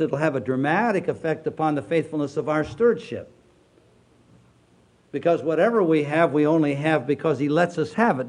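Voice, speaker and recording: An older man, a pastor, preaching a sermon, dropping low and quiet then rising loud with slow, drawn-out emphasis.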